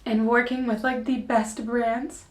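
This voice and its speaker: Tearful young woman, high voice. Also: level tone, measured pace, echoey room. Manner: heartfelt and earnest, speaks directly to viewers. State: tearful, voice wavering. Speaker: fitness creator and mom. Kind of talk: emotional personal vlog to camera.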